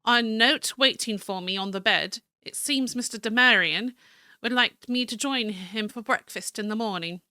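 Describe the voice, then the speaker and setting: A woman's voice: mid-range voice, moderate pace, bright, forceful tone, smooth, no echo, clean studio sound, close to an everyday voice. A woman voicing a stiff, proud male cartographer, reading his journal aloud in a formal, slightly fancy manner with small stumbles. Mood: curious.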